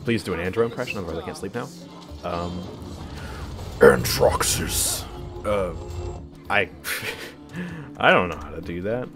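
A man's voice: low voice, expressive, normal speed, long pauses, music in the background. A man casually commenting on his gameplay as a streamer, reacting to the match and reading chat aloud. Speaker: game streamer.

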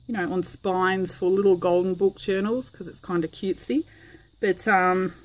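A woman's voice: lowish voice, a little mellow, poor audio. A woman vlogging a casual crafting tutorial, chatty and rambling with frequent ums.

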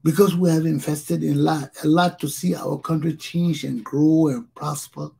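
A man's voice: a little high, steady tone, normal speed, vocal fry, mellow, breathy edge. A Liberian man hosting his own talk show, speaking in an impassioned solo monologue and repeating phrases for emphasis.

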